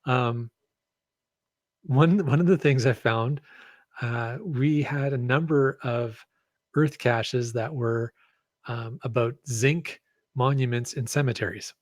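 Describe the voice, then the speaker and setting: A man's voice: mid-range voice, slow pace, pauses often, dry recording. A man chatting as a guest on a podcast, rambling and hesitant, full of ums and restarts. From Canada. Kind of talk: casual podcast chat.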